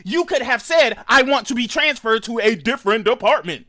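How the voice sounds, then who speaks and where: Man, reaction commentary, bright forceful voice, profane mocking rants. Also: very high voice, lively intonation, normal speed, few pauses. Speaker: commentary host.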